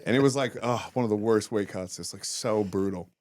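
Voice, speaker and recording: A man in his thirties telling a story in casual chat, animated and swearing, acting out quotes loudly. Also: lowish voice, brisk. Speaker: podcast guest, former fighter turned comedian.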